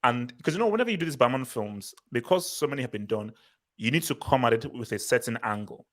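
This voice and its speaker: Male host, mid-pitched, opinionated, rambling film talk. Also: expressive, fast talker, fairly bright tone. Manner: opinionated, talks in long run-on thoughts. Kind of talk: casual film review chat.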